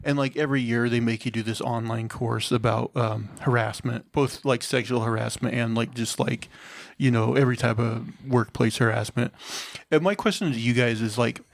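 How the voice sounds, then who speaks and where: A man's voice: medium pitch, steady tone, normal speed, gravelly, few pauses, no room sound. A man co-hosting a comedy podcast, rambling through stories in a laid-back way. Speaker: podcast co-host. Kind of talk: casual comedic chat.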